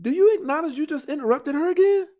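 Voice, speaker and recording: A man's voice: very high voice, lively intonation, fast talker, darkish tone. A man hosting a heated live-stream debate, mocking the guests and laughing often. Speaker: host.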